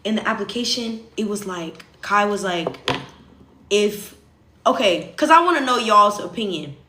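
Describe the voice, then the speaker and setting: Bright chatty woman. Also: mid-range voice, expressive, moderate pace, a little hiss or hum. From Southern United States. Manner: chatty, rambling, addresses viewers as y'all. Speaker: streamer. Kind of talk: casual livestream chat. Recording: roomy echo.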